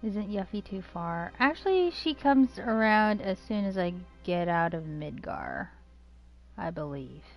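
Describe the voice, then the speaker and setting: Giggly woman streamer chatting slowly. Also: mid-range voice, animated, lo-fi sound. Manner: giggly, chatty, talks to herself. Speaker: game streamer. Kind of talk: casual gameplay commentary. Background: game music.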